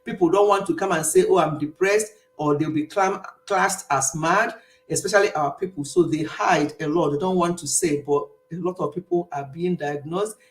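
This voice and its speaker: A woman's voice: fairly low pitch, normal speed, echoey room, poor audio. A middle-aged woman hosting a casual live stream, chatting, reading comments and laughing often.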